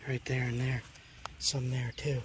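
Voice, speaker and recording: A man from Long Island vlogs in the woods beside a creek, talking to the camera as he checks rocks. His voice sits at an ordinary middle pitch, and a steady outdoor ambience hangs around him. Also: a little slow, heavy background noise. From Long Island, New York. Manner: chatty, talks to camera while searching rocks. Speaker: bushcraft vlogger. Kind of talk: casual outdoor vlogging.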